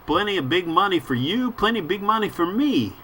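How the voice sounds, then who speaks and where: A squeaky, pushy little newspaper photographer , as a man reading a comic puts him on, wheedling and greedy for a story. His voice sits well above a normal man's and comes on loud and bright. He keeps throwing in clumsy French. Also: sing-song, a little fast, a little hiss or hum, full character voice. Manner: wheedling, mangled mock-French. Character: pushy small male newspaper photographer, money-hungry.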